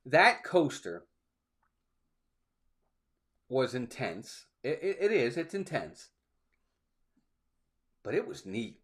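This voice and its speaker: A man co-hosting a theme park livestream tells a meandering story in casual conversation, speaking slowly with frequent pauses. His medium-pitched voice swings widely in pitch as he quotes people and mimes ride motions.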